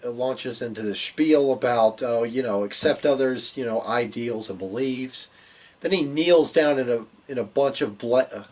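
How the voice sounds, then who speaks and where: Man, husky, unhurried, rambling, profane, casual show host. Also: medium pitch, a little mellow. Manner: rambling and profane, lots of fillers. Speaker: wrestling show reviewer. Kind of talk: casual chat.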